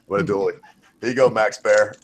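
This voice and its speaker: A man's voice: on the low side, moderate pace, over a noisy crowd. A middle-aged man, hosting a casual online voice chat. He rambles, swears freely and talks with heavy sarcasm. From United States. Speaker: host. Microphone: computer mic in voice chat.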